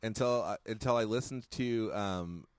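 A man's voice: on the low side, moderate pace, clear, resonant tone, no echo, studio quality. A man hosting a casual podcast, joking and talking over his co-hosts. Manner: joking, talks over others. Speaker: podcast host.

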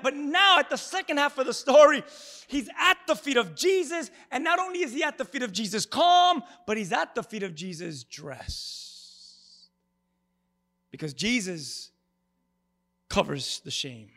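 A male pastor preaching an animated sermon to a congregation and calling for their responses. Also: very high voice, a little slow, pauses often. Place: church before a congregation.

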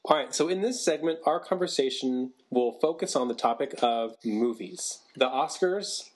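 A man's voice: medium pitch, expressive, normal speed, faint music behind. A man co-hosting a podcast who explains ideas in a casual chat and keeps checking in with "right?". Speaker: podcast co-host.

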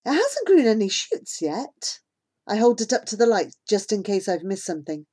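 A woman narrating a children's novel in first person as an audiobook, calm and measured. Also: medium pitch, slightly rough.

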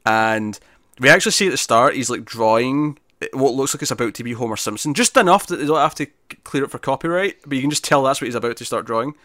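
A man chatting casually as a podcast co-host, recapping at length with lots of "like" and "uh" and frequent restarts. His voice sits at an ordinary middle pitch. It is recorded close and dry, with no room sound. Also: fast, a bit bright, no echo. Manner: rambling, lots of fillers and restarts. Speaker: podcast co-host reviewing comics. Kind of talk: casual chat.

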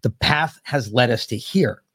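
A man's voice: medium pitch, measured pace, breathy edge. A man hosting a political podcast, talking in a rambling, casual way with many restarts. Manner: rambling, restarts, lively intonation. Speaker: podcast host.

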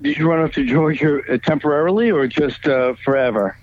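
A man's voice: a little high, fairly quick, slight background noise. A man appearing as a guest actor on a podcast, chatting in a friendly way. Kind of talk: casual interview chat. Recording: dull remote line.

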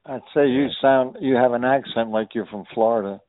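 A man on a call-in line boasts and insists, going over the same claims again and again. His voice comes through a dull, lo-fi connection with a middling pitch. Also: normal speed, dry recording. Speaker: caller.

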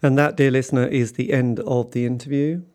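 A man's voice: medium pitch, little pitch movement, a little fast, warm tone. A man hosting a podcast, signing off with dry jokes. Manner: dry, joking. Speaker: podcast host. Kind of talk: podcast outro.

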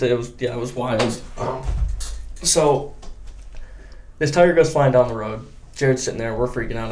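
A young man from Michigan telling a story in a casual podcast chat, acting out the quotes of other people. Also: mid-range voice. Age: young adult. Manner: animated storyteller, acts out quotes. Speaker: guest angler.

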